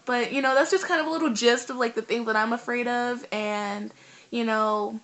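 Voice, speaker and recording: A teenage girl, telling a story in a casual vlog in an animated, rambling way full of fillers. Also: a little high, normal speed. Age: teens. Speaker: vlogger.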